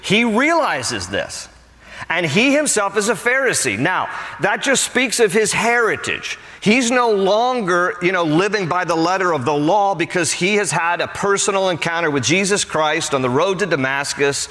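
A man preaching a sermon as pastor, animated and storytelling, acting out the voices of people he quotes. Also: high-pitched, normal speed, long reverb tail.

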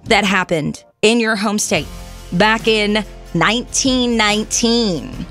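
A woman's voice: medium pitch, slow pace, fairly bright tone, soft background music. A woman hosting a radio show, quizzing her guest in a playful, giggly casual chat. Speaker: radio host.

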